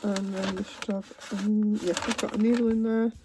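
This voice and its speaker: A woman's voice: medium pitch, flat delivery, normal speed, noisy background. A woman vlogging at home, chatting casually as she unpacks a cross-stitch kit, with trailing asides. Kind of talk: casual chat while unboxing. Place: home, seated in a computer chair.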